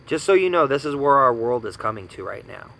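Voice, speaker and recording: A man's voice: medium pitch, very animated, a little fast, vocal fry, bright, forceful tone, rough recording. A man in his thirties from the United States giving an angry personal rant, indignant and profane, hammering points with repetition. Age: 30s. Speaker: vlogger ranting.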